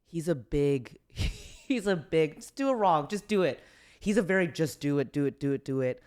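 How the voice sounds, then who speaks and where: A woman's voice: sits low, lively intonation, normal speed, darkish tone. A woman comedian chatting on a podcast as a guest, rambling with lots of fillers and poking fun at herself. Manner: chatty, many "like" fillers, self-deprecating. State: tearful. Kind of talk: casual podcast chat.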